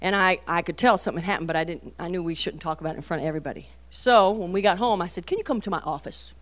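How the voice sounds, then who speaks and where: A middle-aged woman giving a folksy, animated talk to a women's meeting, storytelling with many asides. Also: lowish voice, racing. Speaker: Christian women's speaker.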